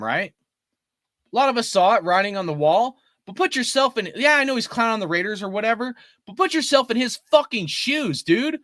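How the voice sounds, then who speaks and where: A man in his forties delivers a heated, profane fan rant. His voice sits high and bright and swings widely as he gets worked up. The sound is dry and close. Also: lively intonation, brisk, no echo. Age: 40s. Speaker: sports fan commentator. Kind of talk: ranting fan commentary.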